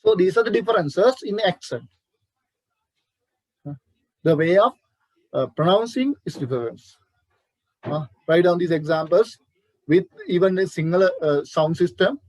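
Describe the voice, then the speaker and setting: Slow high-voiced teacher with Sri Lankan accent. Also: male voice, animated, rough recording. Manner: slow, repeats example words, checks students with questions. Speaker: English teacher. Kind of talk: classroom lesson.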